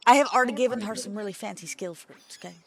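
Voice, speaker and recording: A young adult woman streaming a game, excitable and swearing freely as she chats. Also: mid-range voice, fast talker, crowd noise. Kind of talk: casual gameplay chat.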